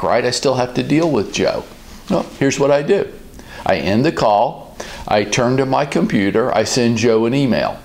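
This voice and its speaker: A man hosting a business advice talk, speaking in a calm, measured and direct way. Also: medium pitch. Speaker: host, business coach.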